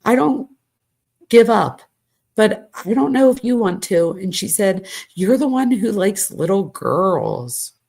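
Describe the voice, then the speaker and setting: A woman's voice: medium pitch, animated, takes it slowly, gravelly, a little mellow, husky. A woman commentator reading text messages aloud, breaking in with exasperated asides. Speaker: true crime commentator.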